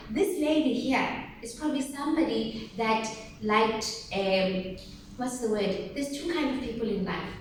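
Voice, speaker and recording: A high-pitched woman gives a lively motivational talk to a group of teens, firing questions at them and pushing them to answer. She is picked up from across a very echoey room, with faint noise underneath. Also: moderate pace, distant mic. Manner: animated, asks the audience questions and calls for replies. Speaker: workshop speaker for teen girls.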